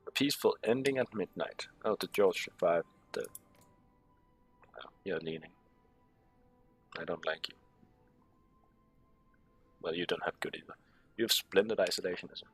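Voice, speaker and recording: A man's voice: sits low, fairly even intonation, unhurried, long pauses, husky, faint music behind. A man giving casual strategy game commentary, reading menu text aloud with sarcastic, muttered asides. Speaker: gameplay commentator.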